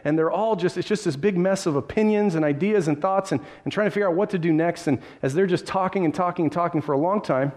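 Man, preacher, sermon, vivid storytelling, restarts mid-sentence, fairly high voice. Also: fast, few pauses, a little mellow. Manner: vivid retelling with frequent restarts; addresses listeners directly. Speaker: pastor.

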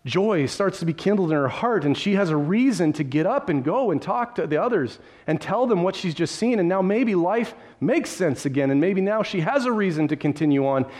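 A man's voice: high voice, expressive, a little fast, few pauses, a little mellow. A man preaching a sermon, retelling a story vividly and addressing listeners directly, with frequent restarts. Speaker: pastor.

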